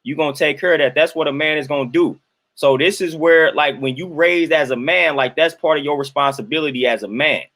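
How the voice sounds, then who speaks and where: A young man with a slightly high voice hosts a casual livestream, speaking. He talks in an animated, colloquial way, answering his chat and repeating his points for emphasis. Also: brisk. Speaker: livestream host reading chat.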